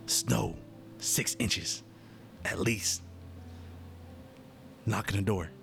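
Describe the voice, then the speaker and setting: A man's voice: on the low side, drawn-out words, gravelly. A man talking casually to his viewers in a rambling, profane monologue that keeps interrupting itself. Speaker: vlogger.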